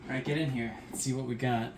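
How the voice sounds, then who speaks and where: A man co-hosting a casual cooking video, making crude deadpan jokes while tasting food in a home kitchen. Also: medium pitch, racing, background noise. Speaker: cooking show co-host.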